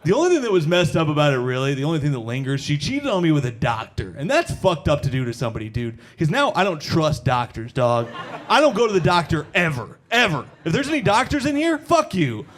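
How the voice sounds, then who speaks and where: Animated, chatty man in his thirties. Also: on the high side, fast talker. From Indiana. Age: 30s. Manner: animated, chatty, says "dude" a lot. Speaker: stand-up comedian. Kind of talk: stand-up set. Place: comedy club stage. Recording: audience noise in a club. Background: audience laughter.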